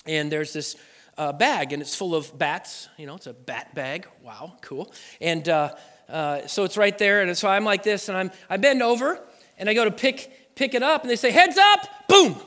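A man's voice: high voice, moderate pace. A man from Oregon preaching a sermon, telling a personal story with lots of animation and acted-out voices. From Oregon, USA. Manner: animated, acts out voices and sound effects. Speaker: pastor. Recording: long hall reverb.

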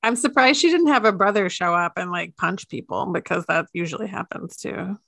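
A woman's voice: medium pitch, animated, fairly quick, gravelly, fairly bright tone, dry recording. A woman co-hosting a podcast in casual chat about a TV series, wry and chatty, often laughing mid-sentence.

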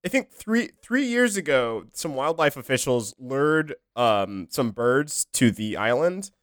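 A man's voice: medium pitch, big pitch swings, a little slow, no room sound, clean studio sound. A man co-hosting a casual podcast, telling a story hesitantly with many restarts and laughs. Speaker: podcast co-host. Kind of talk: casual chat.

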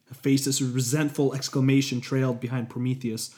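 A man co-narrating a science-fiction story in an expressive reading. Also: mid-range voice, fairly quick.

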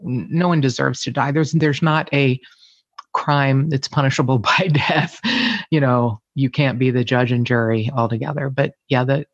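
A woman's voice: a bass voice, dry recording. A woman podcast host being interviewed from home, talking candidly and emotionally, swearing freely and laughing often. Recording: dry, slightly dull lo-fi sound.

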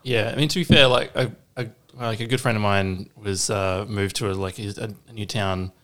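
A man's voice: lowish voice, steady tone, moderate pace, fairly bright tone. A man co-hosting a podcast, telling a rambling, hesitant story full of fillers in casual chat.

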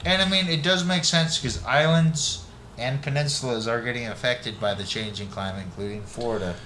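A man's voice: medium pitch, fairly quick, bright, forceful tone, slight background noise. A man co-hosting a podcast in loose, laughing banter with plenty of swearing. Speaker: podcast co-host. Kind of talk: casual podcast chat.

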